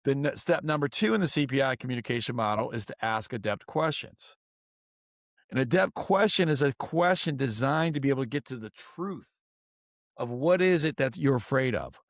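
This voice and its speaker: Middle-aged male coach, energetic instructive delivery, mid pitch, dry close mic. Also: moderate pace, dry recording. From United States. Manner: energetic, instructive, tells stories. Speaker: guest author and coach. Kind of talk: podcast interview, teaching.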